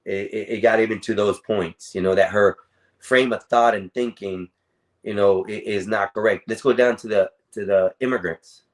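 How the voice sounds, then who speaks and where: A man's voice: lowish voice, fairly even intonation, normal speed. A man in casual chat, telling a long rambling personal story, filling gaps with throwaway "da, da, da" and calling the listener "bro". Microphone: streaming call audio.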